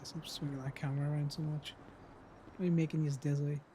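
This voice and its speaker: Brief: man with a high voice, sarcastic banter from the cab of a tow truck, faint hiss behind. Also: level tone, fast, mellow. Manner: joking, sarcastic. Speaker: tow truck driver roleplayer. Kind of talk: casual roleplay chat.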